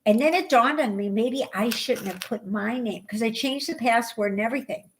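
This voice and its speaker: A middle-aged woman co-hosting a knitting podcast in casual chat, ranting with bursts of loud exasperation. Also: on the high side, normal speed, slight background noise. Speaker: podcast co-host.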